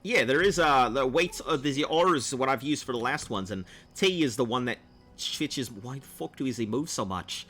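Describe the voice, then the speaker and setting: A man's voice: mid-range voice, animated, normal speed, a bit bright, soft background music. A man streaming a game and chatting with viewers in a put-on Australian accent, rambling and playful. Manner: rambling, playful, talks to chat. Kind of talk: gameplay livestream chat.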